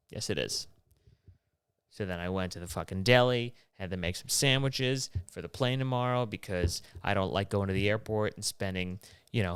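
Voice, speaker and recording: A young man hosting his own show, rambling through a profane, animated rant. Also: lowish voice, smooth, no echo. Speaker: podcast host. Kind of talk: rambling solo monologue.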